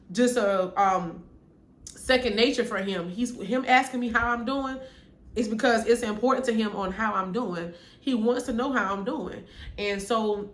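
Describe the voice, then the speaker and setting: A woman's voice: a little high, a bit bright. A young adult woman, talking to camera in an earnest, casual story-time vlog and repeating phrases for emphasis. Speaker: vlogger. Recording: echoey room with faint background hum.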